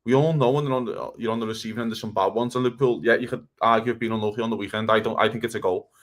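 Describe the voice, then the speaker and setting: Man, podcast co-host, rapid-fire heated rant with swearing, mid-pitched. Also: fairly even intonation. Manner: fast, heated ranting with swearing. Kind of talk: casual football chat.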